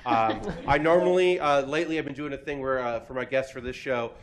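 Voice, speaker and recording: A man hosting a live comedy panel on a convention stage, animated and laughing at his own jokes. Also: mid-range voice, a little fast. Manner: animated, laughing, self-deprecating. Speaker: host. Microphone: handheld or stand mic.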